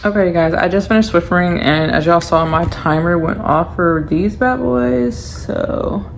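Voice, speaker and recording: A woman's voice: on the low side, moderate pace, gravelly, a little hiss or hum. A young adult woman vlogging at home in a loose, chatty way with lots of fillers. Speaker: lifestyle vlogger. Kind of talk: casual chat to camera.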